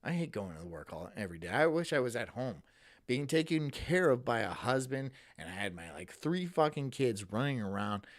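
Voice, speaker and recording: Tired office woman as a streamer mocks her, bitter, complaining, low, quiet. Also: very animated, normal speed, lightly acted.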